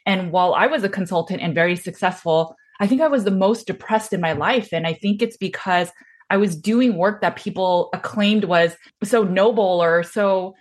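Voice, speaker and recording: A woman's voice: medium pitch, normal speed. A woman hosting an interview, speaking reflectively and personally about her own experience. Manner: reflective, personal, occasional laughs. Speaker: podcast host. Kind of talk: casual interview talk.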